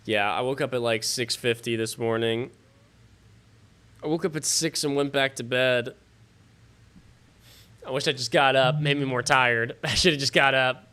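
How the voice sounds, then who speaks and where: A man's voice: mid-range voice, steady tone, normal speed, long pauses, bright, forceful tone, clear, resonant tone. A man hosting a fantasy football livestream from his home studio, chatting loosely with viewers, swearing casually and sounding tired and yawning.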